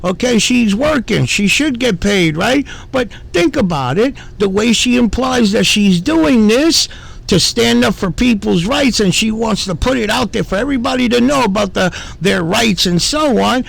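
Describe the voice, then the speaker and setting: Gravelly man ranting indignantly. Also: very high-pitched, animated, normal speed. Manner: indignant, profane, repeats himself. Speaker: commentary channel host. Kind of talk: ranting commentary.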